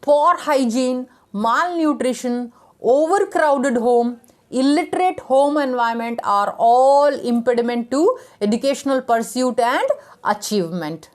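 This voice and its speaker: A woman with a high voice teaches a lesson, working steadily through a numbered list of points. She pauses on fillers and restarts now and then, like an online tutor explaining from notes. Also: lively intonation, a little mellow. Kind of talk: lecture reading out points.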